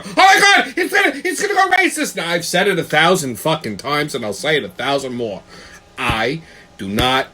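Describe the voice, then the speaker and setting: A man in a furious, profanity-laden rant, punching each point with a challenging "okay?". His voice sits high for a man and comes across bright and sharp. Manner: angry, swearing constantly, repeating "okay?". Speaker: show host.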